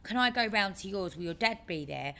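Woman chatting on a podcast, tells stories all animated, does other people's voices. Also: mid-range voice, a little fast. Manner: animated storyteller, acts out her dad's lines. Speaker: podcast co-host. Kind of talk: casual chat, storytelling.

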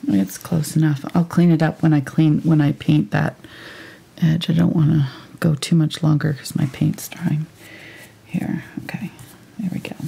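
A woman teaching a live painting tutorial step by step, thinking aloud as she works in a relaxed, chatty way. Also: sits low, measured pace, vocal fry, a little hiss or hum. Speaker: painting instructor.

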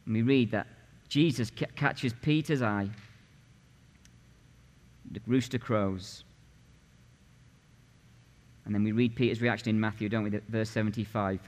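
A man's voice: lowish voice, fairly even intonation, unhurried, long pauses, a little mellow. A man in his late forties preaching a sermon as pastor, punchy and conversational, firing rhetorical questions at the congregation. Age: 40s. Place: church sanctuary. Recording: long church reverb.

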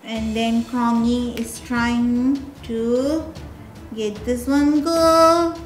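A woman hosting a toy play channel, narrating the toys' actions in a bright, sing-song way. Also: on the high side, steady tone, very slow. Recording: roomy with background music.

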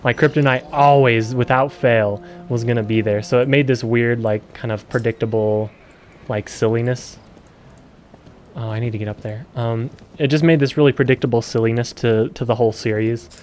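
A man's voice: mid-range voice, fairly even intonation, normal speed, a little hiss or hum. A young man streaming a game, rambling casually and swearing while he plays. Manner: swearing, rambling, gets loud and exasperated. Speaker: gaming streamer.

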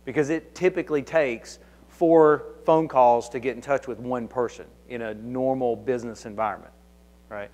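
A man's voice: mid-range voice, steady tone, moderate pace, a little mellow. Chatty Southern man fielding questions. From Kentucky. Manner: conversational and anecdotal, frequent restarts. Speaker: conference speaker, security consultant. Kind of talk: answering audience questions. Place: conference hall.

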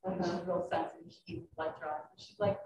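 A woman doctor giving an informal question-and-answer talk, who tells stories lively and acts out her patients' voices. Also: lowish voice, a little fast, slight background noise. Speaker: urogynecologist giving a library talk. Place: library meeting room. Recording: echoey room, distant dull mic.

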